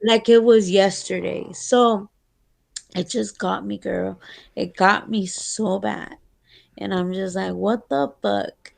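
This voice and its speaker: Slow, gravelly Latina podcast co-host. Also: female voice, mid-range voice, level tone. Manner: candid, profane, switches into Spanish. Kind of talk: casual chat.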